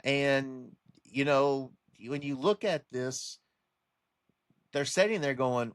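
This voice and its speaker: A man's voice: medium pitch, unhurried, no echo, clean studio sound. A man delivering a rambling casual monologue for his online channel, full of restarts and a warning tone. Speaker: religious commentary vlogger.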